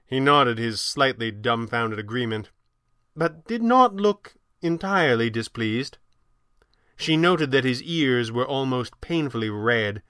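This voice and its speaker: A man narrating a story in a measured, scripted reading. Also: mid-range voice, pushed and bright, smooth, no echo, studio quality.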